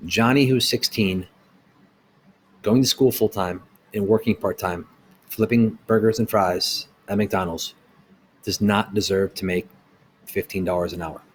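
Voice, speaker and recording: Man, middle-aged, lowish voice, heated, blunt, rhetorical questions, business owner ranting. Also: unhurried, pauses often, husky. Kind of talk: opinion rant to camera.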